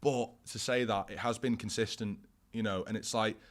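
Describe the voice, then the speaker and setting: Speaking at a normal speed with a steady tone and lowish pitch, a Northern English man in his twenties chats casually as a guest musician. He's from Warrington, a bit tipsy after a pint, and his speech is slangy and full of fillers.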